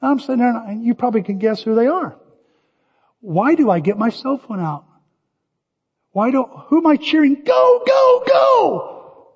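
Older male pastor, high husky voice. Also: moderate pace, long pauses. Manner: animated storytelling, shouting cheers in quotes. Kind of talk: sermon. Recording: dull lo-fi audio with long hall reverb.

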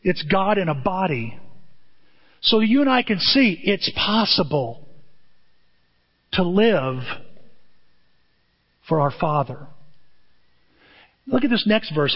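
A middle-aged man preaching a sermon, telling stories with lively jumps in pitch and quick asides. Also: slightly rough. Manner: animated storytelling with sudden pitch jumps and asides. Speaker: pastor. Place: church auditorium. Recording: dull sound in a reverberant hall.

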